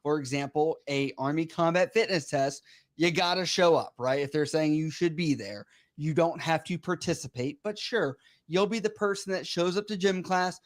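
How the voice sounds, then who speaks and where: Man calmly giving advice. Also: fairly high pitch, normal speed. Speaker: co-host. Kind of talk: casual advice commentary.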